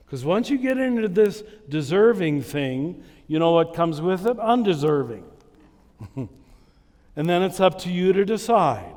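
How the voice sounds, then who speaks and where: A man giving a spiritual conference talk to a live audience. He tells stories at an unhurried pace and chuckles at his own anecdotes. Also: a little high, very animated, darkish tone, in a large hall. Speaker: conference speaker. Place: large hall with a live audience.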